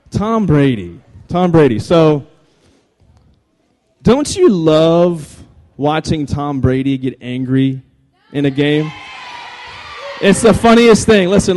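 A lively man speaking to a live audience in a voice that sits a little high. He talks in an animated, playful way, often repeating himself. He cuts in with quick asides to hold the crowd's attention. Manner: energetic, jokey, repeats phrases, calls for attention. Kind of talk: animated, humorous talk to an audience.

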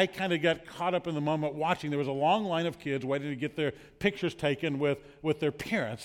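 Earnest preacher man, slightly high voice. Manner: earnest, storytelling, repeats words when emphatic. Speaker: pastor. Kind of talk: sermon. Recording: long hall reverb.

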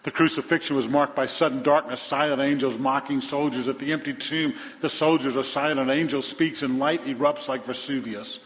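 A man preaching a sermon, telling stories with humor and swinging between loud emphasis and low, soft lines. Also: steady tone, fairly quick, hardly any pauses. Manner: storytelling with humor. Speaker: pastor. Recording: dull sound with long hall reverb.

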